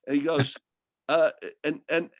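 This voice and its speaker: Animated high-voiced man, rambling. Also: measured pace, no echo. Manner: rambling, animated, restarts often, acts out quoted voices. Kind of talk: casual monologue about faith and art.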